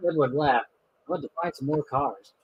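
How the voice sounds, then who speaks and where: A man reading a children's storybook aloud, expressive and lively with small slips. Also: fairly high pitch, normal speed, dull audio, slight background noise. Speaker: storybook narrator.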